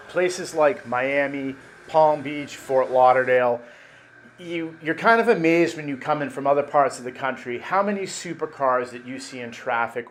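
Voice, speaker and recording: A man's voice: medium pitch, a little hiss or hum. A man giving an enthusiastic, chatty walkthrough of a car dealership showroom. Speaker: car vlogger. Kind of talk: casual walkthrough narration.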